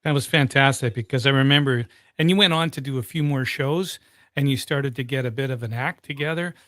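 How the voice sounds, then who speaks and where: A man hosting an interview, telling a story in a relaxed, rambling way. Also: medium pitch, a little fast, no room sound, clean studio sound. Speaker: host. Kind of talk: conversational interview.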